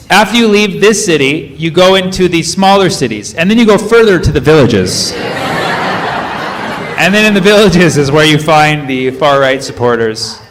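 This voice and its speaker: A stand-up comic with a fairly high, fairly bright voice does crowd work on a comedy club stage. He peppers the audience with questions and revises his wording mid-sentence, with laughter and chatter behind him.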